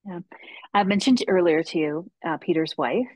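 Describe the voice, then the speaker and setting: A woman's voice: on the low side, expressive, normal speed, a little mellow, no echo, poor audio. A woman guest author telling a faith story in an earnest way on a casual podcast, with frequent ums and restarts.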